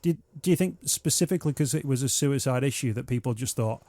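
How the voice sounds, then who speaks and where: A man hosting an interview, asking gentle, thoughtful questions. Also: mid-range voice, quick pace, dry recording. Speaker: radio show host.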